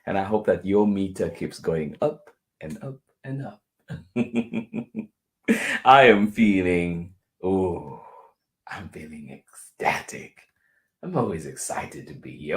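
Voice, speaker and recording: Slow, lively man reading to children. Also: low voice. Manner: playful, expressive, drops to whispers. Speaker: children's story time host. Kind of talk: reading a picture book aloud to children.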